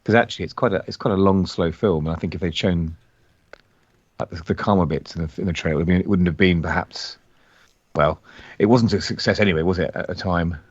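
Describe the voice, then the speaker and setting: A man co-hosting a casual film watch-along, explaining background trivia in a relaxed way. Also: deep voice, a little fast, breathy edge, dry recording, lo-fi sound. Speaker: podcast co-host.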